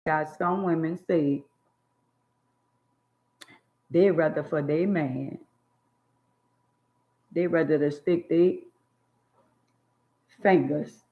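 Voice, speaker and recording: An older woman, scolding in a blunt, preachy monologue on her channel. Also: low voice. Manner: drawn-out emphatic words. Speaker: channel host. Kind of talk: opinionated monologue. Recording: dull lo-fi phone audio.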